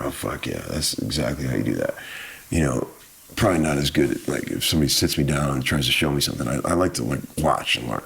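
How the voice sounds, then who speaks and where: A guest musician with a very deep, husky voice tells stories in a laid-back, rambling way, often saying "man."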